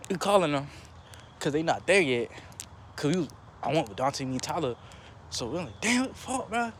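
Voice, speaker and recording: A young man telling a casual story in a slangy, animated way, jumping into higher voices for quotes. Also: normal speed, a little hiss or hum.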